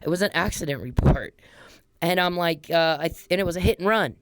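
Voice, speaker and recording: A woman's voice: fairly low pitch, a little fast, no echo. A woman hosting a podcast in a casual monologue, talking bluntly and heatedly, swearing often and repeating herself for emphasis. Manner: blunt, profane, heated and repetitive. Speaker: podcast host.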